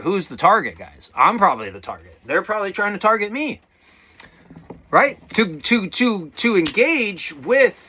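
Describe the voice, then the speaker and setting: A man's voice: a little high, bright, forceful tone. A man giving a casual spiritual talk to viewers, rambling and calling them guys. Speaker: spiritual teacher.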